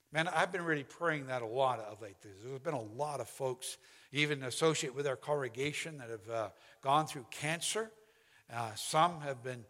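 A man preaching a sermon as pastor, impassioned and emphatic, often dropping to a hushed, quiet delivery. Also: fairly high pitch. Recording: long hall reverb.

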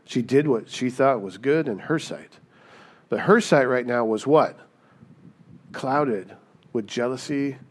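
Lively man preaching, asks "right?" a lot. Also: medium pitch. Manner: lively, acts out quoted voices, keeps asking "right?". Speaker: pastor. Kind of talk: sermon.

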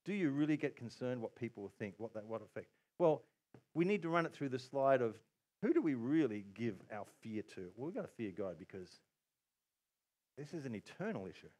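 A man preaching a sermon, animated, often acting out quotes in other voices. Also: mid-range voice. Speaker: pastor.

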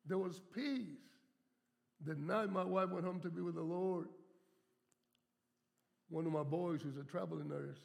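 A heavily gravelly, somewhat high-pitched older man in his seventies delivers a storytelling sermon, drawing out key words for emphasis. His voice rings with long reverb in a church sanctuary. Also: unhurried, long pauses. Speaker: guest preacher.

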